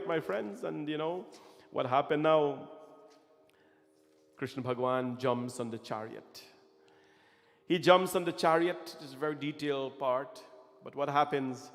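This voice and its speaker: A man tells a devotional story in an impassioned sermon, often calling his listeners his friends. He speaks slowly in a somewhat high voice. His words ring out in a reverberant temple hall with faint music behind. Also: fairly bright tone.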